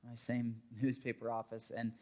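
A man in his thirties, a pastor, preaching a sermon in an earnest, conversational way that grows animated when he tells stories. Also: mid-range voice, normal speed.

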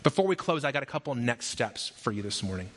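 A man preaching a sermon as pastor, energetic and emphatic, with rhythmic lists and acted asides. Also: medium pitch, quick pace, slight background noise.

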